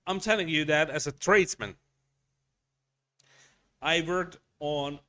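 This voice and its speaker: A man's voice: a little high, sharp tone. A man from Hungary with a Hungarian accent, hosting a craft shop livestream and chatting bluntly. He swears a lot and rambles with many restarts. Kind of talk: casual chat, ranting. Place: workshop.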